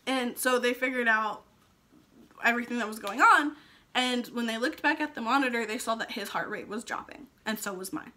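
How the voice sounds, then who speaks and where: A woman's voice: on the high side, normal speed, bright, forceful tone. A young woman vlogging, chatty and emotional as she retells her labor and delivery, with frequent ums. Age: young adult. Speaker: vlogger, new mother. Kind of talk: casual storytelling vlog.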